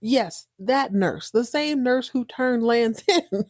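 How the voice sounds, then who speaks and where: A woman hosting a podcast, recapping a soap opera in an animated, slangy way. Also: a little high, slow pace, no echo, clean studio sound. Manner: animated, slangy, laughing storyteller. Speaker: podcast host.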